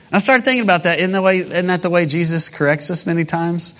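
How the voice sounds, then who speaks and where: A man preaching a sermon in a conversational, animated storytelling manner. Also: high-pitched, fast talker. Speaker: pastor.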